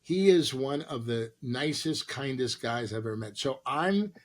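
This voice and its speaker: A middle-aged man from Los Angeles, an actor and comedian, telling animated stories in an interview and acting out the people he quotes. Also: medium pitch, unhurried. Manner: animated anecdotes with acted-out quotes. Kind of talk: storytelling interview.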